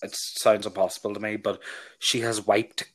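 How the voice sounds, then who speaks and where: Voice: medium pitch, level tone, normal speed. A co-host with a Fermanagh accent, chatting casually with dry, teasing humour. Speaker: podcast co-host. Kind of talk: casual chat.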